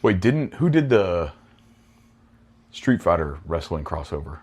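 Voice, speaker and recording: Guy with a real deep voice cohosting a podcast, laid back, asks questions, says yeah a lot. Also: measured pace, slightly rough. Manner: relaxed, asks questions, frequent short agreements. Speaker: podcast co-host. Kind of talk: casual podcast chat.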